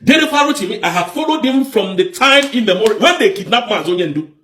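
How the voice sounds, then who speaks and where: A man with a Nigerian accent giving a heated, emphatic political rant on a livestream, repeating points and breaking into shouts. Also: high-pitched, lively intonation, fast talker, reverberant, slight background noise. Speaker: livestream commentator.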